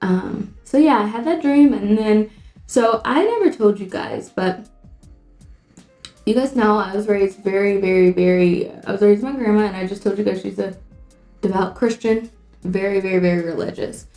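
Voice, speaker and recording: A woman's voice: medium pitch, normal speed, mellow. Young female makeup vlogger, mid-range voice, chatty and meandering, echoey room. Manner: chatty and rambling, lots of "like". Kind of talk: casual storytelling while doing makeup. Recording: echoey room, faint music.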